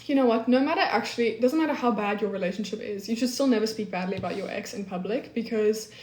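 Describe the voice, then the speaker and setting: Casting: young woman, slightly high voice, chatty live-stream host in an echoey room. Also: quick pace, darkish tone. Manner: chatty, peppers speech with "like", reads chat aloud. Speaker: livestream host. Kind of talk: casual live-stream chat.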